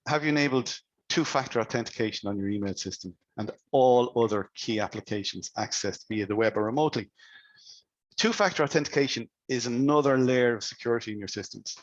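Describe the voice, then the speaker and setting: A man's voice: medium pitch, brisk, no room sound, lo-fi sound. A man presenting cybersecurity advice to business owners, speaking conversationally and asking many rhetorical questions.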